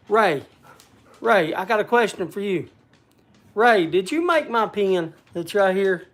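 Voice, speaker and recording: A man's voice: sits high, big pitch swings, slow, long pauses, a bit bright. A man hosting a casual livestream from a log cabin, chatting and greeting viewers by name. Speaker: livestream host.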